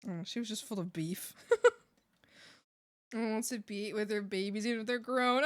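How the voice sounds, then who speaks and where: A young woman art streamer chatting casually while she draws, telling stories in an animated, giggly way full of fillers. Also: medium pitch, measured pace, pauses often. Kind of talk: casual chat while drawing. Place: home room.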